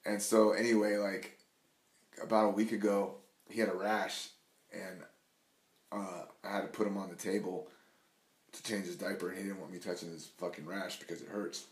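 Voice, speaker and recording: A man's voice: low voice, fairly even intonation, normal speed, pauses often. A man talking as a podcast guest in casual chat, rambling, swearing a lot and saying "like" all the time. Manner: rambling, profane, says "like" a lot. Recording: echoey room.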